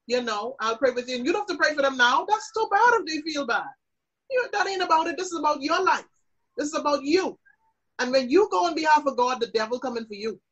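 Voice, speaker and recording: A woman's voice: sits high, a bit bright, slightly rough, dull audio. A woman minister teaching about prayer in an interview, with an emphatic, preacherly delivery.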